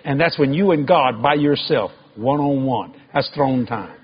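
A man preaching a sermon to a congregation, with emphatic stresses and sudden high shouted climbs. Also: lively intonation, moderate pace, husky, highs cut off.

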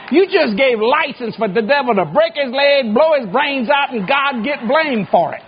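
High, animated older preacher man. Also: normal speed, hardly any pauses, muffled recording, a little hiss or hum. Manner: folksy, dramatic storytelling with acted-out prayers. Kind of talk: sermon.

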